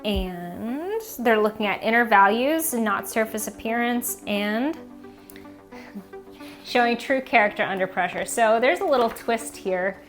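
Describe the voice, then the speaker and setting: A woman's voice: a little high, expressive, a little slow, soft background music. A woman reading teacher casually explaining a picture book, talking in a chatty way with lots of "um" and "like". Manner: chatty, many fillers like "um" and "like".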